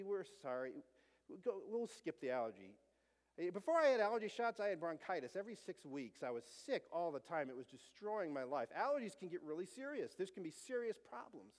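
Middle-aged male pastor, high voice, earnest storyteller, sermon in a reverberant sanctuary. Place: church sanctuary. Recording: long church reverb.

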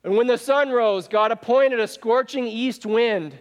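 A man preaching a sermon as pastor. He talks in an animated way, acts out quoted speech and puts questions to the congregation in a church sanctuary. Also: very high voice, unhurried, long reverb tail.

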